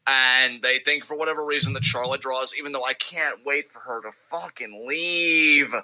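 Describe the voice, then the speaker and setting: A man's voice: mid-range voice, normal speed, sharp tone, rough recording. A man co-hosting a casual wrestling podcast, talking in a profane, rambling, emphatic way. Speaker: podcast co-host.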